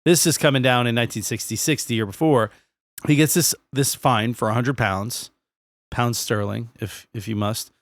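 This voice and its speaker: A man's voice: medium pitch, fairly even intonation, normal speed, dry recording. A man co-hosting a podcast, telling a history story in casual chat, laughing often and swearing freely. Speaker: podcast co-host.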